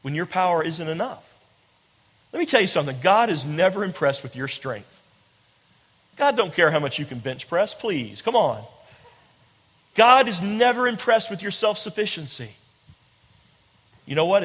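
A man's voice: a little high, a bit bright. A man preaching a sermon to a congregation, emphatic and repetitive, often asking rhetorical questions and speaking directly to the listeners. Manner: emphatic, repeats phrases, asks rhetorical questions. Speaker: pastor. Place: large room with a congregation. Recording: long hall reverb.

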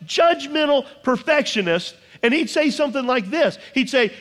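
High pitched guy preaching a sermon, emphatic, stretches words out, big echoey church. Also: lively intonation, fairly bright tone. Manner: emphatic, rhetorical questions, drawn-out slow lines. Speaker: pastor. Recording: long hall reverb.

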